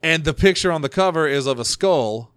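A man's voice: fairly high pitch, expressive, fairly quick, a bit bright, clean tone, no room sound, studio quality. A man co-hosting a casual chat, joking and opinionated as he rambles through movie talk.

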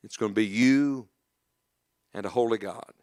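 A middle-aged man preaching a sermon in church, dropping to an earnest hush and rising to emphatic calls, often asking the congregation questions. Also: fairly low pitch, normal speed. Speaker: evangelist preacher.

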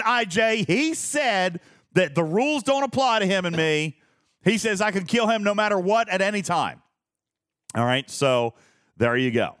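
Man hosting a gaming stream, animated pitch, rambling and laughing, dry close mic. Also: no echo. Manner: rambling, laughs often, reads chat aloud. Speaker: streamer host. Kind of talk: casual live-stream chat.

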